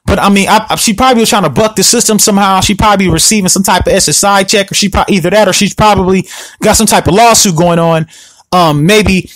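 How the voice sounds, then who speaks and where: A man hosting a solo podcast, ranting in an animated, repetitive, confrontational way. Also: high-pitched, fast, no room sound. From Southern California. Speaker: podcast host.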